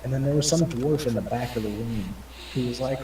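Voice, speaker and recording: A man's voice: medium pitch, a little fast, warm tone. A man playing a tabletop game, telling a crude rambling story full of profanity and acting out the other characters. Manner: profane, rambling, acts out quoted voices. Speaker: player. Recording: roomy and distant with clear background noise.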